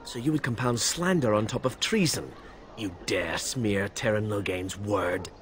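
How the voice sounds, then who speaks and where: A man's voice: fairly low pitch, a little slow, slight background noise, lightly acted. An actor playing a proud male knight in a video game, speaking in a formal, stiff, honor-bound manner. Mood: accusing. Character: proud, stern male knight seeking a duel.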